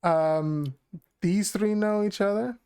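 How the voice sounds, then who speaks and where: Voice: mid-range voice, takes it slowly, darkish tone, smooth. A game master running a tabletop session, speaking in a laid-back, hesitant way with many ums.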